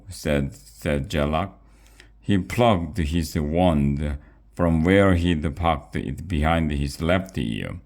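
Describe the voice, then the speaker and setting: Deep-voiced man reading slowly, halting. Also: darkish tone. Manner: halting, stumbles and repeats words. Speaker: reader. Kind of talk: reading a children's chapter book aloud.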